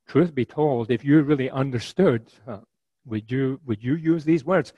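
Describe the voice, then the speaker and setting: A man preaching a sermon in a measured, conversational way, with many fillers and restarts. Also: medium pitch, breathy edge, dry recording, lo-fi sound.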